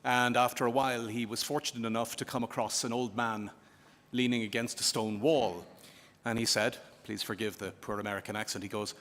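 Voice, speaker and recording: A man giving formal closing remarks at a conference, telling a joke in a dry, measured way with pauses. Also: medium pitch, fairly even intonation, fairly bright tone. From Ireland. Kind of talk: formal closing speech with humor. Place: conference hall. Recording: long hall reverb.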